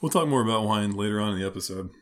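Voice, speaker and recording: A male podcast co-host chats casually from his garage, joking and rambling through restarts. His throat is a bit sore from wine, and his pitch moves in a lively way. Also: very fast. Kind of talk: casual chat.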